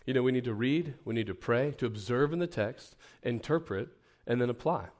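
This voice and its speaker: In a camp meeting room, a man runs a relaxed teaching session for preachers. His voice is medium in pitch, somewhat dark, and fairly fast, and he speaks conversationally, poking fun at himself and often starting sentences over.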